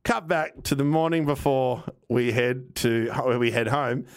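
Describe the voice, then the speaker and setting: Man, thirties, podcast co-host, casual rambling storyteller, mid-pitched voice, acts out quotes. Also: a little slow, smooth. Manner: animated, rambling anecdote with acted-out quotes and swearing.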